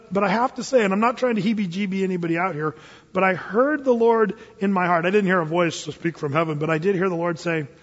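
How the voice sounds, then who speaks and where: Older-ish pastor guy with a high voice, chatty sermon, keeps restarting, echoey church hall, kinda muffled. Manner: conversational storytelling, animated with frequent restarts. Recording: long hall reverb, dull lo-fi sound.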